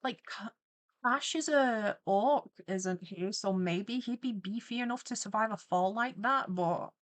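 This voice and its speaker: While animating on a live stream, a woman chats, reads viewer comments aloud, and reacts to them excitedly. Her voice is mid-range and her pace measured.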